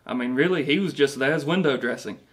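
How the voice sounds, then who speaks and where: This man's natural, mid-range voice moves at a quick pace. He's acting as a washed-up, self-pitying, vain male rock singer with a British accent. The mockumentary interview is rambling and boastful, full of stumbling restarts.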